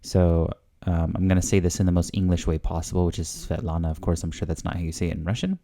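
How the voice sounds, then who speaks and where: Casual host, low mellow male voice, hesitant learner thinking aloud. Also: flat delivery, fast talker. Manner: hesitant, full of fillers and guesses. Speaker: language learner hosting a video series.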